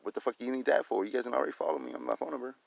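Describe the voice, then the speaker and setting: A man's voice: medium pitch, racing, vocal fry, no echo. A man ranting angrily and swearing constantly, repeating filler phrases as he vents. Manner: swears constantly, heated, repeats "you know what I'm saying". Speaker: vlogger filming a police and security encounter. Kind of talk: profane angry rant.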